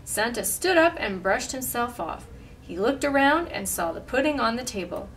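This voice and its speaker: Woman, storybook read-aloud, animated, slightly high-pitched, expressive. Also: recorded from a distance, a little hiss or hum. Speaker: storyteller and craft leader.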